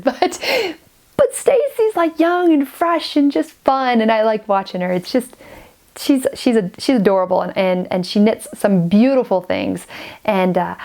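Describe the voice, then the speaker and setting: Forty-ish woman vlogger, sniffly, gushing chatty thank-yous, restarts a lot, mid pitch. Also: darkish tone. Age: 40s. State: stuffy and sniffly. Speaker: knitting podcaster. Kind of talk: casual chat to camera.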